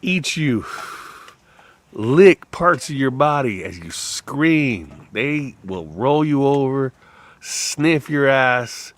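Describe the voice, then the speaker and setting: A man in a rambling, profane monologue whose voice swings between loud outbursts and low mutters. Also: very animated, very slow.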